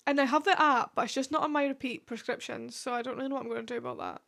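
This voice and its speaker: A woman's voice: fairly high pitch, fast, vocal fry, few pauses, a bit bright. A young woman in her twenties with a Scottish accent, hosting a casual solo podcast in a chatty, rambling way full of fillers and asides. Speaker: podcast host.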